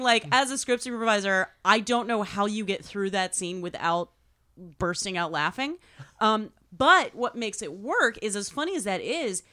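Woman retelling film scenes animatedly. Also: mid-range voice. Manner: animated storyteller, acts out scenes. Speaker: script supervisor. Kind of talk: casual podcast film discussion.

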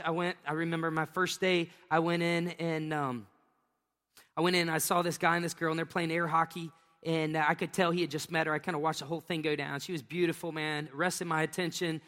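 Middle-aged man, pastor preaching, high voice, long hall reverb, storytelling with jokes. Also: flat delivery, brisk, pushed and bright. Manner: storytelling, jokey asides, laughs at own jokes. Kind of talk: sermon.

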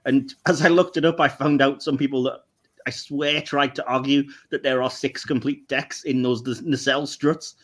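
A man hosting a casual podcast, chatty and quick to laugh. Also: medium pitch. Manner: chatty, laughs often, animated. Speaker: podcast host.

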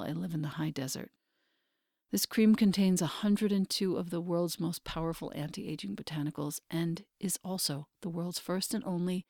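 Soft-spoken low-voiced woman podcast host. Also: vocal fry, no echo, clean studio sound. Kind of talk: podcast host read and guest introduction.

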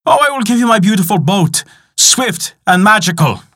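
A man's voice: a little high, very animated, measured pace, fairly bright tone, full character voice. A man voicing a young, boastful wizard who sneers and brags in a folk tale. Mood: pleading. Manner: brash and bragging.

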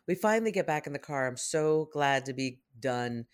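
A parent telling a rambling, animated story in casual podcast chat, often acting out what people said. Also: medium pitch, moderate pace, few pauses. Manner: rambling, animated anecdotes with acted-out quotes.

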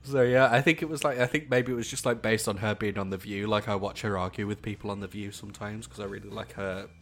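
A man's voice: on the low side, steady tone, fast, fairly bright tone. A man co-hosting a podcast in casual chat, telling stories with frequent laughter. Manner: chatty, laughs often, camp storytelling. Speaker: podcast co-host.

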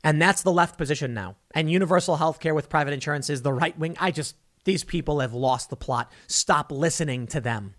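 A man in his thirties delivers opinionated online commentary at a rapid clip. His voice sits a little high for a man, and his tone is combative and sardonic throughout. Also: fairly bright tone. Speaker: political commentary host.

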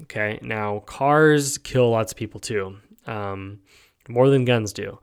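An American man hosts a podcast, slowly working through his opinions in a casual monologue. His smooth, fairly low voice wanders through rambling thoughts, full of fillers and a habitual "right?"

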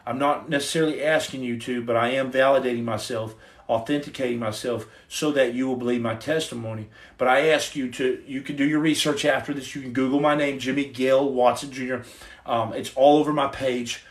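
A man's voice: medium pitch, fairly even intonation, a little fast. A middle-aged man hosting a livestream, giving his testimony in an earnest, preachy, casual way into his phone. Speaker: livestream host.

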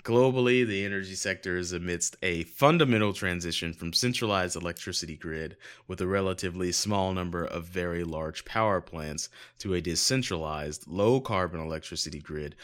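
On a casual podcast, a male co-host with a fairly low, fairly bright voice reads news articles aloud a little fast, hardly pausing. He repeatedly breaks off for sarcastic jokes and some swearing.

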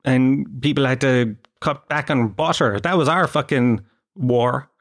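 Hailing from Tralee, Ireland, a man with a Kerry accent hosts a comedic monologue, rambling through sarcastic, profane material. His voice is medium-pitched and a little slow.

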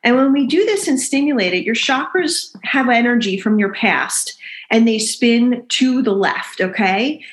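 A woman guiding a chakra tapping exercise in a gentle, instructive way, checking in with "okay?" as she leads. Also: fairly high pitch, lively intonation, unhurried. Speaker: energy healer guiding an exercise. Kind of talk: guided chakra tapping session.

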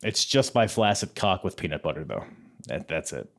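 A man's voice: low-pitched, lively intonation, moderate pace, creaky. A man hosting a casual wrestling podcast, talking in laid-back banter and laughing often. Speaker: podcast host.

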